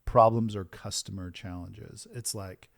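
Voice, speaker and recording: A man hosting a business podcast, talking in an energetic, emphatic way and often tagging his points with "right?". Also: lowish voice, measured pace, gravelly. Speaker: podcast host and business coach. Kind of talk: casual podcast conversation.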